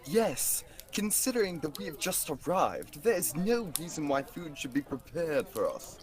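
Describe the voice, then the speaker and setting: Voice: mid-range voice, sing-song, darkish tone, close to an everyday voice. Thaddeus, a teen acting a pompous talking book. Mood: haughty. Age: teens. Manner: haughty, formal, slow, turns to panic. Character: pompous talking magic book, male, easily flustered. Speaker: student actor. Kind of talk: school radio theatre.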